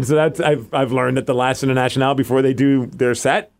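A man's voice: medium pitch, moderate pace. Enthusiastic man hosting a podcast. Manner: enthusiastic, laughing storyteller. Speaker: podcast host. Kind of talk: casual chat.

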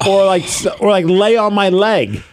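A man's voice: high-pitched, moderate pace. A man hosting a podcast, telling stories in casual chat and laughing often. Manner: laughing, storytelling. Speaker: podcast host.

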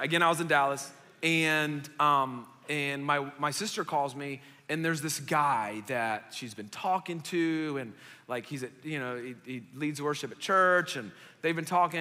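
Young man, preacher, casual sermon, animated, high voice, reverberant church hall. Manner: animated, conversational, quick asides with filler likes. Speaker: pastor.

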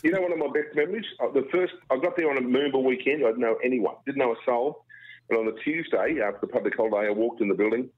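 Fast-talking Australian man on a phone line. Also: mid-range voice. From Brisbane, Australia. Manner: jokey, animated, self-deprecating. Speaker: guest broadcaster. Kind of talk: casual radio chat, storytelling.

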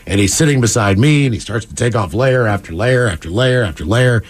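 A man's voice: mid-range voice, a little fast, slightly rough. A man telling a funny story in casual podcast chat, laughing and acting out the voices of the people in it. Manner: animated, laughing, acts out quoted voices.

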